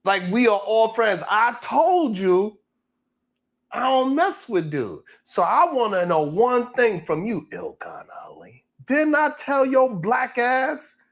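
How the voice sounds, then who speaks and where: A man's voice: very high-pitched, very animated, slow, voice pushed up, heavily acted. A man voicing a furious adult male streamer, ranting with profanity about loyalty.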